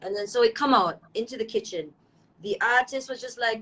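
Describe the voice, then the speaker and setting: Jamaican woman, guest artist, earnest and measured storyteller. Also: on the high side, a bit bright, rough recording. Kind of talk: candid storytelling in an interview.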